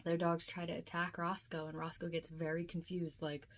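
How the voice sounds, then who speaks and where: A woman's voice: fairly low pitch, completely flat delivery, moderate pace. Chatty young woman telling a dream. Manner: chatty, emotional, lots of "like" fillers. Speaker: vlogger. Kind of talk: casual dream diary vlog.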